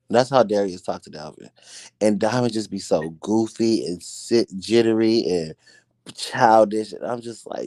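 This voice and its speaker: A man's voice: on the low side, normal speed, a little mellow, dry recording, studio quality. A man hosting a live stream, giving blunt, profane, heated commentary in casual chat.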